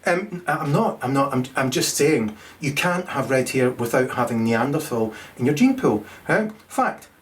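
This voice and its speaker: A man's voice: medium pitch, expressive, moderate pace, hardly any pauses, a little hiss or hum. A middle-aged man, doing a rambling, crude stand-up monologue, full of swearing and stumbling restarts, laughing at his own jokes. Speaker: comedian.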